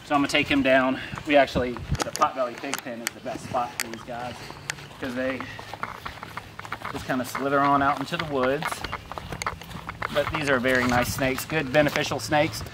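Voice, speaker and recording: A man's voice: mid-range voice, steady tone, normal speed, long pauses, background noise. Laid-back man vlogging outdoors on a farm. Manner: laid-back, chatty, talks to the snake while handling it. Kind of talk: casual outdoor vlog narration.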